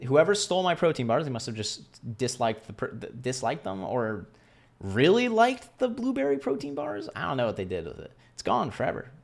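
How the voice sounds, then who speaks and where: A man's voice: mid-range voice, lively intonation, fairly quick, vocal fry, few pauses. A young man casually telling a story to camera in a rambling, self-deprecating way, acting out the voices of the people he quotes. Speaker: vlogger.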